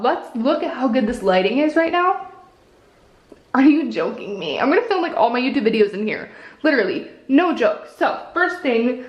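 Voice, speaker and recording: Chatty young woman touring her apartment. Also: a little high. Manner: chatty, upbeat, lots of "um" and "like". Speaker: vlogger. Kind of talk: casual apartment tour vlog. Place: indoors at home, walking through an apartment.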